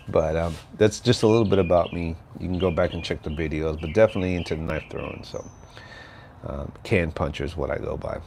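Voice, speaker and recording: A man's voice: deep voice, fairly quick, vocal fry, darkish tone, slight background noise. An older man from Texas, hosting a casual livestream chat in a rambling, laid-back way that keeps tagging on "right?", outdoors near his house. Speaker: livestream host.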